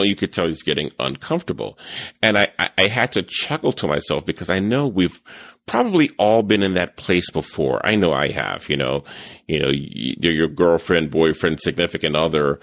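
A podcast host who also teaches photography talks casually in a low voice at normal speed, rambling with restarts and stutters. He's animated and sometimes acts out what other people said, with no room sound.

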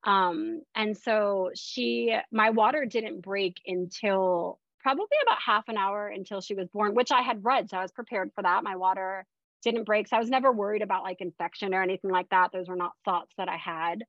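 A woman from Florida telling her story as a podcast guest in a chatty, animated way with lots of fillers. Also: medium pitch, normal speed, dry recording. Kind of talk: casual personal storytelling. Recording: dull, dry lo-fi sound.

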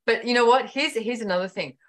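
A woman appears as an author and guest on a casual podcast, speaking fast with a voice on the high side. She tells animated stories, acts out quoted dialogue, and leans heavily on fillers like "like" and "you know".

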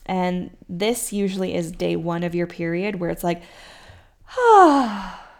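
A woman's voice: lowish voice, flat delivery, measured pace, creaky, mellow. A woman fertility coach talking to listeners in a casual podcast monologue, reassuring and conversational, often acting out their anxious inner voices.

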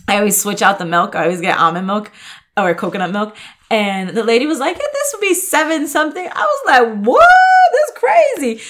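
A woman's voice: mid-range voice, fairly bright tone. A woman hosting a podcast, talking as a coach in a chatty, upbeat way with many restarts and fillers. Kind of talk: casual podcast monologue.

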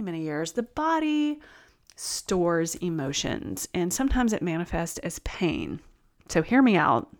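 A woman hosting a solo podcast as an empath coach, talking in an earnest, encouraging way with small self-corrections. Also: medium pitch. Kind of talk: casual solo podcast talk.

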